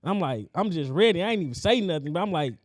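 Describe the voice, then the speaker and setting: A man's voice: a little high, expressive, fast talker, dry recording. A man co-hosting a podcast, telling a childhood story in casual chat and acting out the quotes. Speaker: podcast co-host.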